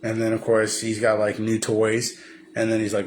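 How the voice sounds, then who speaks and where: A man's voice: lowish voice, monotone, moderate pace, a little hiss or hum. A man casually recapping a film for a video, rambling with lots of fillers and restarts. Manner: rambling, many fillers and restarts, slips into impressions. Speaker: vlogger.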